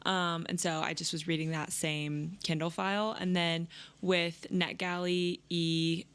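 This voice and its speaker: A woman's voice: on the low side, little pitch movement, measured pace, a bit bright, smooth. Chatty young woman gushing about books. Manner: gushing, chatty, lots of "like" fillers. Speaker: book vlogger. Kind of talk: casual vlog chat.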